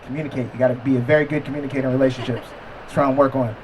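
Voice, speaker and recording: A man's voice: medium pitch, fairly even intonation, rapid-fire, darkish tone, a little hiss or hum. A man performing a stand-up set at an outdoor backyard show, talking conversationally and mocking himself between punchlines. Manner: conversational, self-deprecating punchline delivery with crowd asides. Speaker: stand-up comedian.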